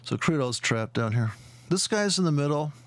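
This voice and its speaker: A man's voice: a little high, animated, normal speed, dry recording. A man giving rambling, profane and sarcastic commentary on market charts while sharing his screen, wandering off on tangents and mocking other traders.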